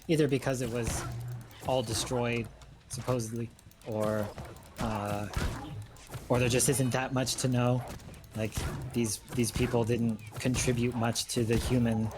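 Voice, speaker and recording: A man speaking as a historian guest in a casual livestream chat, halting with many fillers and restarts. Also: medium pitch.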